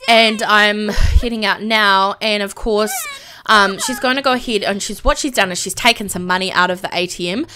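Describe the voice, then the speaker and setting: A woman's voice: mid-range voice, steady tone, moderate pace, sharp tone, slight background noise. A young woman streaming a live let's play, chatting emotionally about the game with lots of filler ums.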